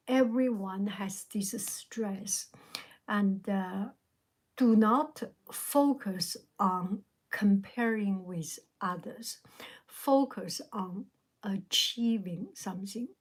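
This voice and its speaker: Softly whispering Chinese-accented woman, slow. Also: mid-range voice. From China. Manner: soft, slow, reflective, answers viewer questions. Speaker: livestream host answering chat. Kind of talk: whispered live chat. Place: outdoors in a park.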